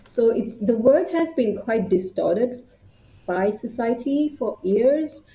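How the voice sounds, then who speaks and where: Interview guest: young woman from India, mellow, hesitant storyteller. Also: a little high, lively intonation, slow pace. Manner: reflective, with hesitations. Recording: roomy, slightly muffled.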